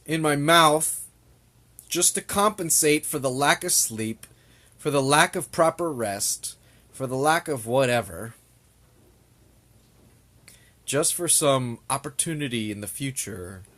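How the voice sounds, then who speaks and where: Speaking to camera, a young vlogger vents in an exasperated, rambling way, saying the same things over and over. He has an expressive, mid-range voice with a sharp tone and an unhurried pace.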